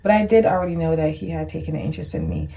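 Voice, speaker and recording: A woman's voice: deep voice, wildly swooping pitch, racing, warm tone. A young woman telling a story on her vlog in a chatty, emphatic and sassy way. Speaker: vlogger.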